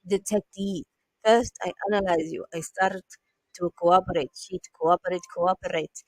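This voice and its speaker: A woman's voice: fairly low pitch, steady tone, moderate pace, a little mellow, no room sound, lightly acted. A woman voicing a male detective character from a game, laying out his strategy methodically.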